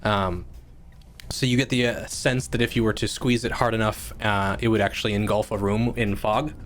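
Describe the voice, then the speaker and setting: A man's voice: on the low side, steady tone, normal speed, a little hiss or hum. A man running a tabletop game on a stream, laid-back and amused as he narrates for the players. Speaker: game master.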